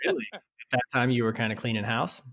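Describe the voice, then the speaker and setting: A man co-hosting a relaxed podcast conversation with a mid-range voice. He is playful and quick to laugh, and his pitch swings up and down as he talks. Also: vocal fry. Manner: playful, laughs often, repeats words while testing them out. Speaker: podcast co-host. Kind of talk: casual chat.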